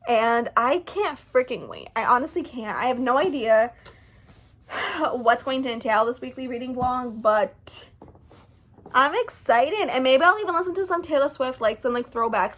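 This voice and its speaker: A chatty young woman talks straight to the camera about her reading plans. Her voice sits a little high, and she speaks in a lively, animated way, tossing in quick asides. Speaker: book vlogger. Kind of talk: casual chat to camera.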